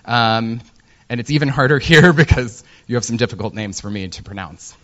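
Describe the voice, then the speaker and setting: A man's voice: medium pitch, normal speed, a bit bright, lo-fi sound. An American man from Indiana giving a conference talk as a user researcher, joking and self-deprecating, with many ums and uhs. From Indiana, USA. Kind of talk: presentation talk.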